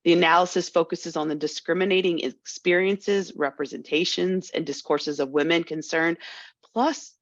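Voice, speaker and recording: A woman hosting a video call panel, introducing a guest with frequent restarts and pauses. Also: lowish voice, steady tone, dry recording. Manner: halting, restarts often. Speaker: host. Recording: dull dry video call audio.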